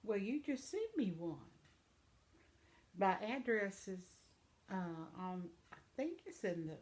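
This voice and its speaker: A woman's voice: medium pitch, sing-song, slow, a little mellow. An older woman hosting a video channel, reading viewer comments aloud in a rambling, chatty way and laughing often. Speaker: vlog host.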